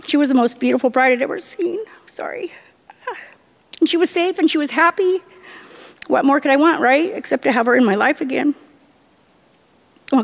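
A middle-aged woman giving a personal faith testimony, earnest and halting, laughing often as she tells it. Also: sits high, creaky, big-room sound. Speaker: church member giving testimony.

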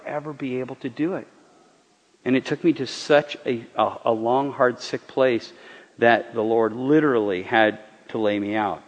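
A pastor delivers a personal sermon testimony, earnest and confessional, often halting and repeating himself as he searches for words. His voice rings out with a long reverb tail in a large church hall. The recording is somewhat muffled and lo-fi. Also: mid-range voice.

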